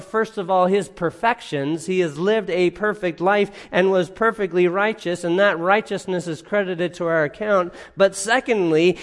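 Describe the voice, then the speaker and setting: A male preacher delivering an expository sermon, earnest and emphatic, dropping to a hush on key points. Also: sits high. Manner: earnest, swings from emphatic to hushed.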